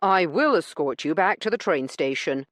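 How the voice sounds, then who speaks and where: A woman voicing a stern, blunt gentleman who lectures with dry sarcasm in an audiobook. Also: sits low, animated, moderate pace, dry recording. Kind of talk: audiobook character reading.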